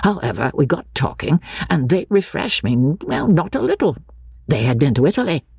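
Smug teasing young gent, a woman doing him in an audiobook, husky and theatrical. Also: low voice, big pitch swings, normal speed, a little mellow, no echo, clean studio sound, voice pushed up, exaggerated voice. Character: playful self-satisfied young gentleman.

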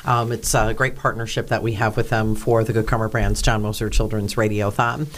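A woman's voice: very deep voice, fairly quick. Bubbly woman local radio host. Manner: bubbly, excitable, chatty. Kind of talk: casual local radio chat. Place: radio studio.

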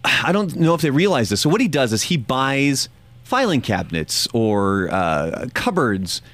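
A man's voice: medium pitch, sing-song, unhurried, fairly bright tone, dry recording. A man in his forties hosting a morning radio show, talking casually with a slight lisp and a dry, self-deprecating humor. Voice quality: slight lisp from a missing tooth.

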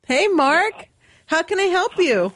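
A woman giving psychic readings to callers on a radio show, brisk and upbeat. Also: very high-pitched, big pitch swings, a bit bright, no room sound. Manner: brisk, upbeat, laughs often. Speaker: psychic reader. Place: radio studio.

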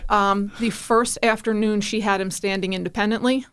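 A woman guest on a radio talk show, telling a personal story in a casual, animated way and acting out the dialogue. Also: mid-range voice, normal speed, clear, resonant tone. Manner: animated, acts out quoted dialogue. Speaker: guest, parent sharing her son's story.

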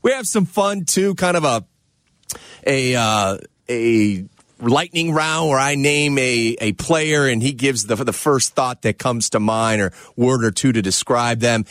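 A man's voice: mid-range voice, unhurried, fairly bright tone, no room sound, studio quality. A man hosting a sports radio show, talking in a reflective, conversational way.

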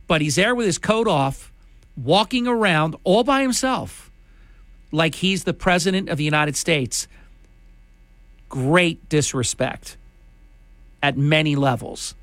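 A man's voice: a little high, lively intonation, slow, pauses often, fairly bright tone, no echo. A man hosting a talk radio show, combative and scornful, with emphatic delivery into a studio microphone.

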